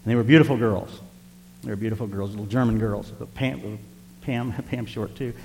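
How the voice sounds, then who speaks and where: A man's voice: fairly low pitch, fairly even intonation, normal speed, creaky, a little mellow, slight background noise. An older man preaching a sermon as pastor, telling a personal story in an earnest, tender way to his congregation. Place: church sanctuary. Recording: long hall reverb.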